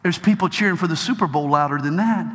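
A male preacher delivering a sermon and prayer to a congregation, emphatic and building to loud exhortation. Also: fairly high pitch, fast. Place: large hall with a crowd. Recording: long hall reverb.

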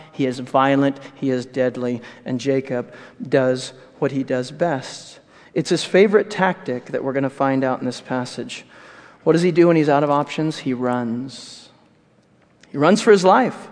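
A man's voice: fairly high pitch, a little mellow. A man preaching a sermon, retelling a scripture story vividly with asides. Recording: echoey hall with long reverb.

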